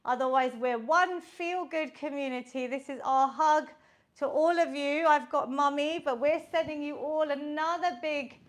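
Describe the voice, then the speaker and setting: Counting reps as she goes, a woman from the United Kingdom runs a guided home workout, encouraging and upbeat throughout. She speaks in a high voice at a moderate pace, and the recording is rough.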